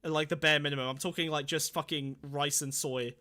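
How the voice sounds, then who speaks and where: A man's voice: on the high side, fairly even intonation, a little fast, sharp tone. A man with a sore throat, hosting a casual livestream with swearing, mock-angry rants. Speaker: streamer host.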